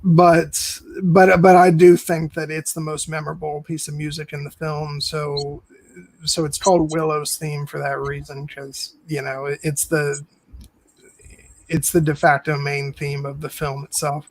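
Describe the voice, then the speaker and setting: A man's voice: on the high side, little pitch movement, measured pace, no room sound, low-quality recording. A man co-hosting a film podcast in casual chat, hesitant and full of fillers and restarts.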